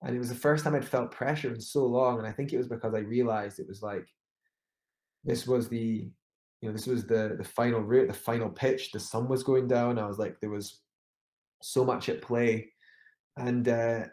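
A man's voice: medium pitch, steady tone, moderate pace, darkish tone, echoey room. A man telling a climbing story in a casual interview, rambling with many restarts and fillers. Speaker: climber guest.

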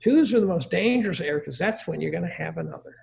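Crude joking middle-aged man, gravelly. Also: on the high side, lively intonation, fast talker, a little mellow. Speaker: guest giving parenting advice. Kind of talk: casual conversation.

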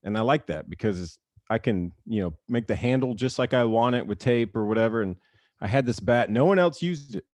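A man's voice: on the low side, a little fast, dry recording. A man in his thirties, a former baseball player, telling stories casually in an interview and acting out the quotes. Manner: animated storyteller, acts out quotes, laughs often.

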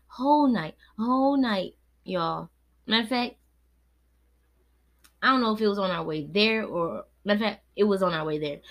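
Host, woman in her late twenties, casual profane storyteller, laid-back one moment and heated the next. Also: mid-range voice. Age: 20s. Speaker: podcast host.

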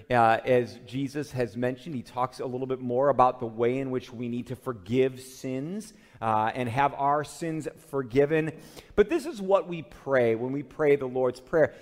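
A man preaching a sermon as pastor, earnest and steady, often slipping into spoken prayer addressed to the Lord. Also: fairly high pitch. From Chicago area, USA. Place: church sanctuary during a communion service. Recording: long hall reverb.

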